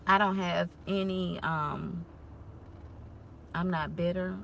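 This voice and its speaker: A woman chatting casually to camera in a vlog, her voice bright and sharp. She tells animated stories, laughs often and acts out quotes, then slows into a soft, heartfelt tone when she talks about what she is grateful for. There is a faint hum of background noise behind her. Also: lowish voice, gravelly. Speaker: vlogger and mother.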